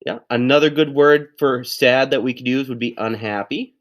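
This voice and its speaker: A man's voice: mid-range voice, normal speed. Upbeat man teaching young kids. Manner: upbeat, encouraging, with playful exclamations. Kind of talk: recorded lesson for young children.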